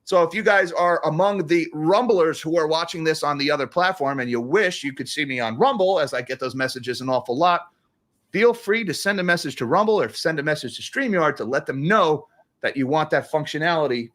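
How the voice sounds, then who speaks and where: A man hosts a live stream, talking economics and thanking viewers for super chats. His voice sits a little high for a man. He talks sarcastically, with chuckles and frequent restarts. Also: expressive, a little fast, a bit bright. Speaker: livestream host reading super chats. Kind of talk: casual commentary on economics.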